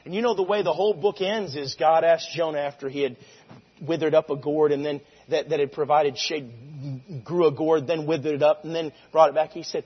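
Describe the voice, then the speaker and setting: A man preaching a sermon, moving between conversational asides and loud, drawn-out shouted lines of scripture. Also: on the high side, steady tone, slightly rough, in a large hall, muffled recording.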